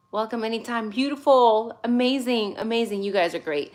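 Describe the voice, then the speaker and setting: This livestream host, a woman in her forties whose native language isn't English, talks at normal speed with few pauses in a slightly high voice with a darkish tone. Broadcasting from her phone, she is tired but caffeinated, sassy, chatty, and names her viewers as she greets them.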